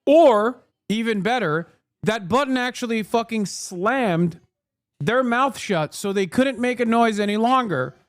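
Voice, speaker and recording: A man's voice: very high voice, expressive, a little slow, no room sound. A man streaming political commentary, ranting heatedly and sarcastically with plenty of profanity. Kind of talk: live-stream rant commentary.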